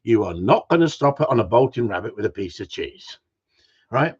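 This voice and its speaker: A man's voice: mid-range voice, big pitch swings, normal speed, husky, highs cut off. A man who trains gundogs, chatting on a casual livestream in a blunt, ranting way with mild swearing.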